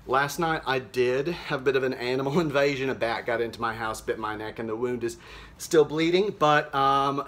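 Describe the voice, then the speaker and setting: A man's voice: medium pitch, a bit bright, close to an everyday voice. A man playing chirpy naive mom. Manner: folksy, chirpy, rambling with many fillers. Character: cheerful small-town mom, chatty and naive. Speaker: social media show host character. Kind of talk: deadpan comedic monologue.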